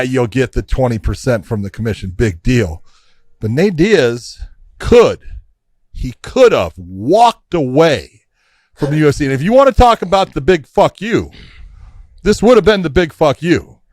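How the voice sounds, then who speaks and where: A man's voice: medium pitch, darkish tone, no room sound. A man co-hosting a casual podcast, blunt and emphatic, swearing casually. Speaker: co-host.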